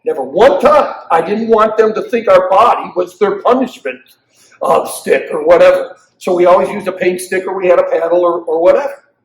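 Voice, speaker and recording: An older man teaching parents as a pastor, animated and acting out quotes from children and parents, in a church hall. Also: high-pitched, moderate pace, far from the mic. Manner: animated preacher who acts out quotes of kids and parents. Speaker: pastor leading a parenting session.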